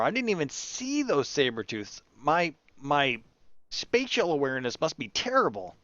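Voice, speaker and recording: A man's voice: fairly high pitch, very animated, moderate pace, sharp tone, dry recording, muffled recording. A man hosting his gaming channel, chatting and rambling through his gameplay and talking to the animals in the game. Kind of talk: casual gameplay commentary.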